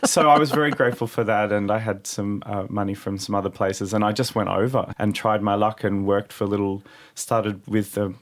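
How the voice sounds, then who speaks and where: Easygoing man, lowish voice. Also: fairly even intonation, brisk, hardly any pauses. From Australia. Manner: easygoing, laughs often, rambling anecdotes. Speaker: guest opera tenor. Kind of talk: radio interview. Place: radio studio. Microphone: studio microphone.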